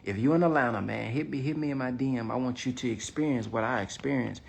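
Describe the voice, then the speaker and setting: A man's voice: medium pitch, fast talker, vocal fry, slight background noise. A man talking casually to camera as an online business coach, reflective and emphatic, sometimes dropping to a near whisper. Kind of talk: casual motivational vlog talk.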